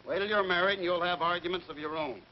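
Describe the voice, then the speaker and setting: A man's voice: high-pitched, quick pace, natural voice. An actor playing a stubborn middle-aged family man who blusters and fusses in comic exasperation, in a 1940s film. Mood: flustered. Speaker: father and husband. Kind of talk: 1940s film comedy acting. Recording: dull 1940s film soundtrack with faint hiss.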